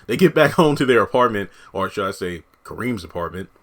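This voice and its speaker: Animated man reviewing a TV episode. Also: lowish voice, fairly quick. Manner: animated, acts out character lines, laughs often. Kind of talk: casual spoken commentary.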